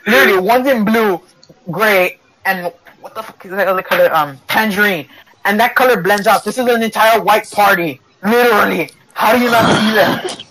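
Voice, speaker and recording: A man's voice: high-pitched, normal speed, noisy background. A man telling a family story in a casual voice chat, swearing freely and laughing as he goes. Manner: animated storytelling, swears a lot, laughs often.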